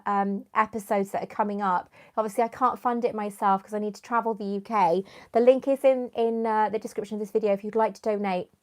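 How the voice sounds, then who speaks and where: A young woman, chatting casually on a live stream, rambling and answering viewers by name, with a runny nose. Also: a little high. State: runny nose, clearing her throat. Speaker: YouTuber hosting a live stream.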